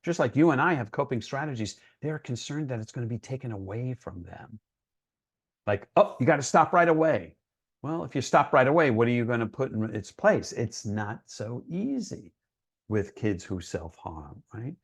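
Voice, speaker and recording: A man's voice: mid-range voice, sing-song, normal speed, slightly rough. A man giving an educational talk for parents in an earnest, reassuring, conversational way. He often checks in with his listeners by asking "right?". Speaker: presenter for parents. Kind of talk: educational presentation.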